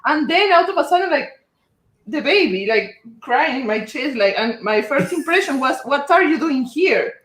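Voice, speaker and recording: A woman's voice: high voice, animated, moderate pace, a bit bright, echoey room, rough recording. A woman in casual chat about her daughter's birth who jumps in to add details and laughs often. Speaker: mother telling her daughter's birth story.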